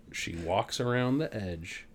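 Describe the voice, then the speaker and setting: A man, a podcast co-host telling a profane, animated story in casual chat. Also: mid-range voice, takes it slowly. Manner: profane, animated storyteller who acts out other people.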